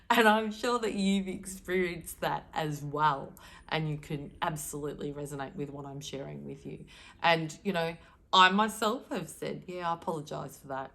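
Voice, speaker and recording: A woman's voice: low voice, normal speed, vocal fry, fairly bright tone. A woman speaking directly to camera as a spiritual card reader, giving earnest, emphatic advice.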